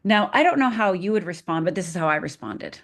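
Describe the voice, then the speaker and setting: A woman's voice: lowish voice, lively intonation, quick pace. A middle-aged woman from Upper Michigan, a podcast guest telling a personal story dramatically and acting out the voices in it.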